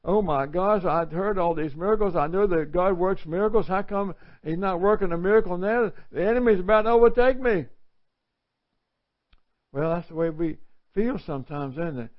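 A man's voice: sits high, brisk. A male preacher giving an earnest, conversational sermon full of rhetorical questions. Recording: dull lo-fi recording.

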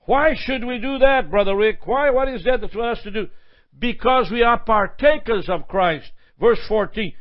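A man's voice: very high-pitched, normal speed, lo-fi sound. A male pastor preaching a sermon with impassioned repetitions and prayerful asides.

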